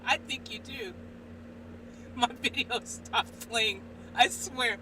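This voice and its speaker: A woman live streamer talking to her viewers and an AI assistant in an excitable, exasperated way, swinging between shouting and muttering. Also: a little high, slow. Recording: distant mic, faint background noise.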